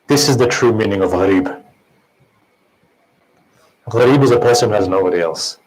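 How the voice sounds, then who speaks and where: A man's voice: lowish voice, normal speed, slight background noise, rough recording. Impassioned male preacher. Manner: impassioned, conversational, asks listeners questions. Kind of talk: mourning sermon.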